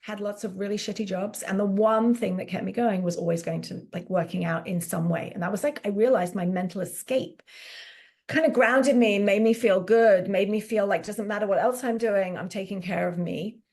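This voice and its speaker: Animated woman fitness coach telling stories. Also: medium pitch, normal speed. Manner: animated, acts out quotes, frequent "like" fillers. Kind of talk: conversational interview storytelling.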